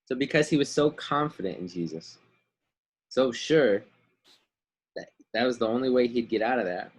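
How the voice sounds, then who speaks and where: A man's voice: medium pitch, moderate pace, breathy edge, poor audio. A man teaching a Bible lesson over a video call, retelling the story casually in everyday slang. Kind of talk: online Bible class lesson.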